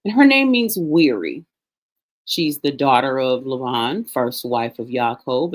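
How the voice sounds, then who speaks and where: A woman teaching a relaxed Bible reading, explaining Hebrew words and names step by step, with frequent restarts and small asides. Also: rumbling low, unhurried.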